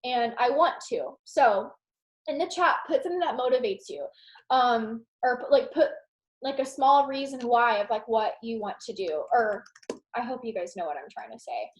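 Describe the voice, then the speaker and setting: A young woman giving a casual, rambling motivational talk to her team on a video call, animated and full of "like". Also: fairly high pitch, moderate pace. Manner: animated, rambling, heavy use of "like". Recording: roomy echo.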